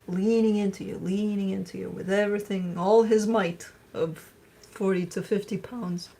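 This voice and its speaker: A woman talks in a loose, casual live-stream chat with a husky, slightly breathy tone. Her delivery is playful and chatty. She now and then drifts into baby talk. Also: mid-range voice, fairly even intonation, moderate pace, dark tone. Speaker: tarot reader.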